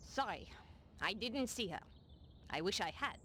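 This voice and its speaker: A woman's voice: mid-range voice, very animated, a little slow, fairly bright tone. A woman voicing a quirky traffic warden with a secret past as a weapons expert in a video game, speaking in a dry, knowing manner. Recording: game audio over music.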